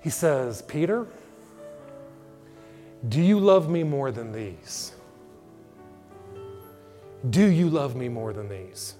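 A man's voice: mid-range voice, animated, slow pace, pauses often, mellow. A male pastor preaching a sermon, dramatically acting out scripture dialogue. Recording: long hall reverb with faint music.

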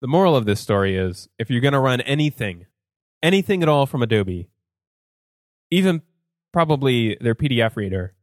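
A man's voice: medium pitch, sing-song, normal speed, no room sound, studio quality. A man hosting a casual tech podcast, rambling a little with fillers and restarts. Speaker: podcast host.

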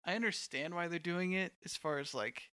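Man, relaxed movie talk, bright smooth voice, dry close sound. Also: high voice, normal speed, dry recording. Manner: relaxed, thoughtful, lots of filler "like". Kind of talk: casual movie discussion.

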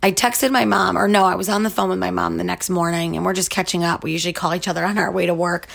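A young woman podcast host tells a candid story in a casual, chatty monologue full of likes and you-knows. Her voice is on the low side and gravelly, with fairly even intonation and a fast pace.

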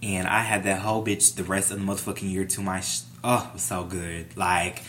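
A young adult man vlogging a casual storytime, animated and profane, playing up every scene. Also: low-pitched, fairly quick, soft background music.

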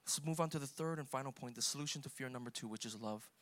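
A man's voice: medium pitch, quick pace, a bit bright. A man preaching a sermon, emphatic and rising for emphasis.

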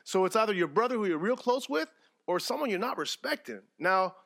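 A man co-hosting a sports podcast in casual chat, animated and jokey, breaking into mock play-by-play. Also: high voice, a little fast, creaky. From Canada. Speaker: podcast co-host.

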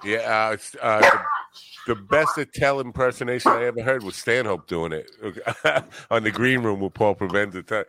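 A man with a Long Island New York accent hosts a casual chat, rambling thoughtfully with restarts and a dropping tone. His voice is lowish and moderately paced, with background noise behind it.

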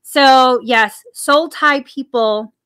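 A woman with a high-pitched, smooth, slightly bright voice draws out her words while hosting a casual spiritual podcast. She speaks earnestly, repeats phrases for emphasis, and sips coffee between remarks.

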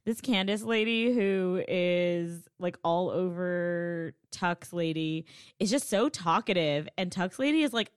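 A woman's voice: fairly low pitch, takes it slowly, smooth, dry recording, studio quality. A married woman talking frankly about a movie in casual chat, swearing and laughing easily. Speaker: co-host.

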